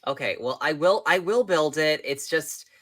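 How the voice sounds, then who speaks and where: Bright-voiced joking young podcast co-host man. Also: fairly high pitch, expressive, normal speed. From Long Island, New York. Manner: joking, hesitant restarts, dry quips. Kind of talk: casual chat.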